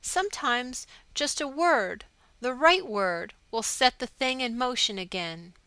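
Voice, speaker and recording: A woman reading the lines of a nerve specialist, grave and measured. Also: on the high side, lively intonation, pushed and bright, clear, resonant tone, no echo, heavily acted, low-quality recording.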